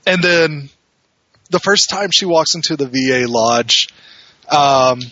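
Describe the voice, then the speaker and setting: A man's voice: fairly high pitch, slow pace, sharp tone, dry recording, muffled recording. A man co-hosting a podcast, rambling casually with plenty of fillers. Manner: loose and rambling, with many fillers and laughs. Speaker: podcast co-host.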